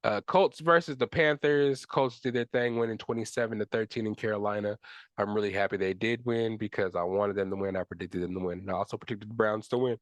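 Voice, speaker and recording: A man's voice: lowish voice, steady tone, brisk, no echo. A young man hosting a solo sports podcast, ranting in frustration with casual slang and profanity. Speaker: podcast host.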